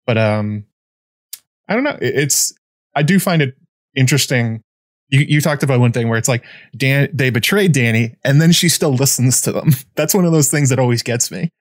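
A man hosting a podcast, chatting casually in a rambling, halting way full of fillers and restarts. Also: medium pitch, no room sound, clean studio sound. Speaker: podcast host. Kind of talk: casual chat.

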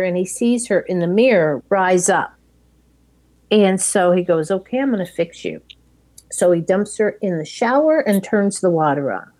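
A woman's voice: on the high side, darkish tone. A woman chatting casually, summarizing a film's plot step by step. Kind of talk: casual chat retelling a film.

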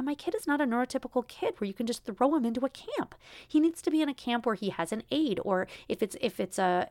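A woman's voice: on the high side, no room sound, studio quality. A woman in her thirties hosting a solo podcast, venting in a frustrated way with many restarts. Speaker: podcast host.

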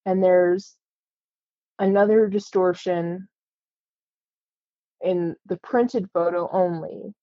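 A woman earnestly telling a personal story in a casual, halting way, with frequent fillers. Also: fairly low pitch, steady tone, no echo, lo-fi sound.

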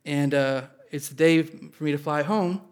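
A male pastor from Indiana telling an audience a personal story in an animated, self-deprecating way. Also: fairly high pitch, normal speed, smooth.

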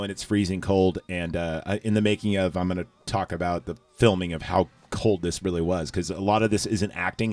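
Man, lowish voice, casual profane movie recap, rambling, dry close sound. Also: no echo. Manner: rambling, profane storytelling with many fillers. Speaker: podcast host.

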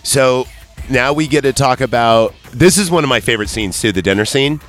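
A man's voice: mid-range voice, a bit bright, faint music behind. Rambling, profane man hosting a movie chat. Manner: rambling, profane, acts out film lines in quick voices. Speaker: podcast co-host. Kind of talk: casual movie discussion.

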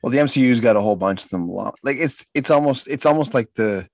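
A man's voice: mid-range voice, fast, no room sound. A man co-hosting a casual comic-book podcast, talking in rambling bursts with many restarts. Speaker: podcast co-host.

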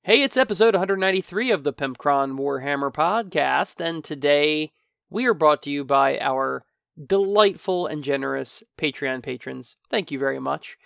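A man's voice: a little high, expressive, moderate pace, creaky, a bit bright, smooth, no room sound, studio quality. A man hosting his own podcast in casual chat, rambling and exasperated, cutting himself off mid-sentence, a little tipsy. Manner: rambling, exasperated ranting with self-interruptions. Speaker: podcast host.

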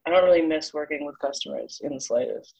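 A woman's voice: deep voice, fast, vocal fry, a crowd in the background. A woman in casual chat, laid-back and wry, heard through a dull lo-fi recording.

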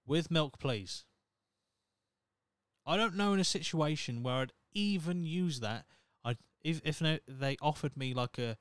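A Norfolk man in his thirties hosts a casual solo podcast, rambling, swearing and mocking himself in his Norfolk English accent. His voice leans high and clean, recorded with studio quality and no echo.

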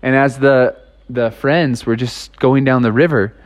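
An adult improvising a playful bedtime story for children, lively and silly. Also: mid-range voice, a little slow.

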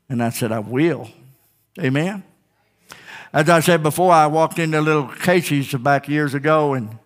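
A male pastor preaching a sermon, telling stories with acted-out dialogue, calling for an "Amen," and slowing down to stress key words. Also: fairly high pitch. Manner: storytelling preacher, acts out quoted exchanges, calls out "Amen?"; slows and stretches key phrases for emphasis.

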